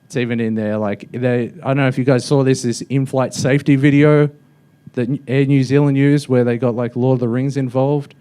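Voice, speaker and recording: A man's voice: mid-range voice, fairly even intonation, brisk, warm tone, smooth. A young man doing a mocking stand-up roast in a comedy club, with a loose, offhand delivery full of fillers. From Australia.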